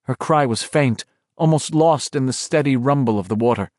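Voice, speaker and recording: A man's voice: medium pitch, normal speed, a little mellow, no echo, clean studio sound. A man narrating a horror novel as an audiobook, in a dramatic, varied reading.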